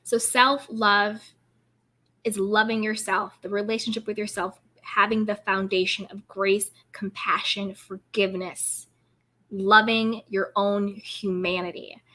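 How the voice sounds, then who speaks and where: Bright-voiced upbeat woman coach. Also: medium pitch, little pitch movement, a little slow. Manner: encouraging, upbeat, affirming. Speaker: self-care coach and live-stream host. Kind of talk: casual live-stream talk.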